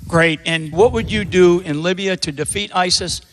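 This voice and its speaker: A man's voice: high-pitched, normal speed, over music. An older man moderating, asking brief, direct questions. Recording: echoey hall.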